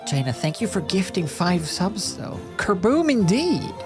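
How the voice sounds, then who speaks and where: Speaking at a moderate pace in a lowish voice, a woman streams herself animating digital art over music. Her casual commentary drifts half to herself as she thinks aloud, punctuated by playful sound effects.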